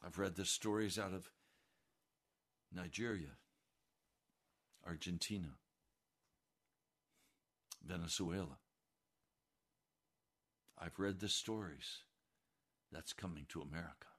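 A man preaching a sermon with passion, dropping to hushed warnings and rising to loud declarations. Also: low voice, slow, long pauses. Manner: impassioned, swings between hushed warnings and raised declarations.

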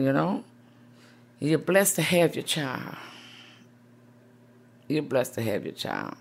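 A middle-aged woman, a grieving mother interviewed for a news report, speaking softly and emotionally with many "you know"s. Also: low-pitched. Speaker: grieving mother, support group founder.

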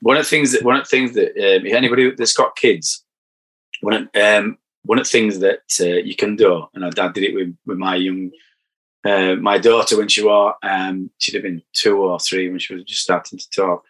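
A man's voice: on the low side, steady tone, moderate pace, a bit bright, poor audio. A middle-aged man with a northern English accent, chatting on a podcast and telling anecdotes with chuckles. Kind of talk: casual podcast chat.

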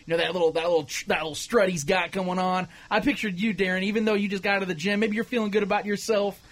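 A male radio co-host in a studio, chatting in an upbeat, energetic way. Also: high-pitched. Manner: upbeat and energetic, quick to laugh. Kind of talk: casual sports radio talk.

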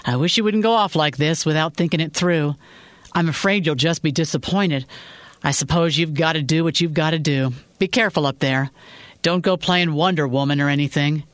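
A woman's voice: low-pitched, moderate pace, no room sound, lightly acted. A woman voicing an adult husband, anxious and pushy by turns, in a fiction reading. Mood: worried. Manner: pleading, then stern. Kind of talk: audiobook-style fiction reading.

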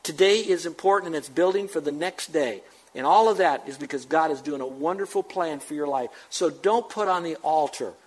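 A pastor preaching to his church in an emphatic, questioning way. His voice sits a little high for a man. He keeps pressing the listeners with rhetorical questions. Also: poor audio. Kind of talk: sermon.

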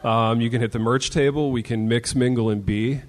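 A man's voice: mid-range voice, fairly even intonation, normal speed. Man, live show host, playful and teasing. Recorded with long hall reverb. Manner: playful, calls his co-hosts baby. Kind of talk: live podcast hosting.

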